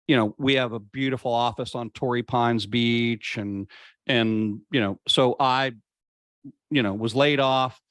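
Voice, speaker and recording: A man of middle pitch talks as an interview guest. He is earnest and reflective and drags out words when he wants them to land. The sound is dry and close, with no room echo. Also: a bit bright. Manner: earnest, reflective, slows down to stress points. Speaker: podcast guest. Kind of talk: conversational interview storytelling.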